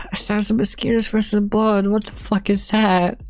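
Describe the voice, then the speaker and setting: A woman's voice: mid-range voice, level tone, unhurried, soft background music. Blunt, swearing young woman streamer. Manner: blunt, swears often, teasing. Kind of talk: casual live stream chat.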